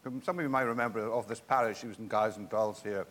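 A man's voice: fairly low pitch, fast, fairly bright tone. A man hosting a stage interview, polite and genial, turning to address the audience. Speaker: host. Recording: long hall reverb.

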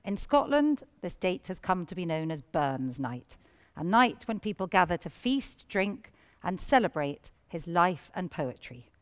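A woman introduces each poem with a scripted, expressive presenter's delivery. Her voice sits on the low side for a woman, and it swoops widely in pitch as she sets up each piece. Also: measured pace.

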